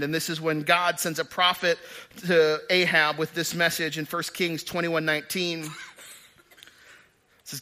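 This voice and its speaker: Man, 30s, sermon, bright clear tone, emphatic and lively delivery. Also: on the high side, moderate pace. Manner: energetic, swings from loud emphatic to quiet. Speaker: pastor.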